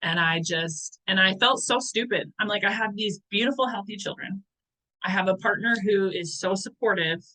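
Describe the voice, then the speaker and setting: A woman's voice: mid-range voice, normal speed, pushed and bright, rough recording. A woman in her thirties giving a motivational talk as a wellness coach, earnest and chatty, sometimes searching for words.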